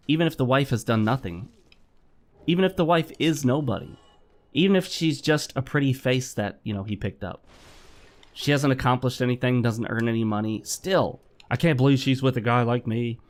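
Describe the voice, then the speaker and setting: A middle-aged man giving blunt, opinionated commentary while playing a game, lecturing and repeating himself. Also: mid-range voice. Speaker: gaming commentator. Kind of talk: opinionated commentary over gameplay.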